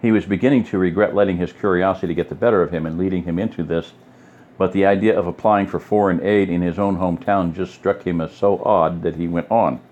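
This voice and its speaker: A man reading a story aloud in a relaxed, informal way, breaking off for offhand asides and apologies. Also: low-pitched, quick pace, lo-fi sound. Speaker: audiobook reader.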